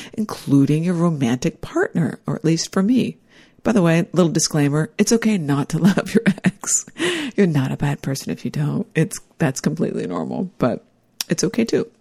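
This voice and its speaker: A woman's voice: low-pitched, expressive, moderate pace, vocal fry, dark tone, breathy edge. A middle-aged woman giving a personal, reflective talk about life lessons, earnest and heartfelt. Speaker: speaker sharing life lessons.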